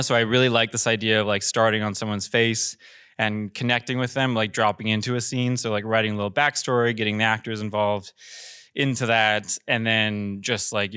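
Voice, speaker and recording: A commercial director talks casually on a panel, with lots of fillers and a rambling way of telling his story. His voice sits a little low but sounds bright and smooth. The sound is dry and close. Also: level tone, a little fast, dry recording. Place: theater.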